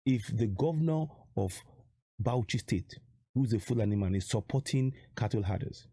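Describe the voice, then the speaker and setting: A man's voice: mid-range voice, lively intonation, normal speed, mellow, husky, no room sound. A man from Nigeria speaking straight to camera as an activist vlogger, urgent and pressing, repeating rhetorical questions to drive his point home. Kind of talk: direct-to-camera appeal.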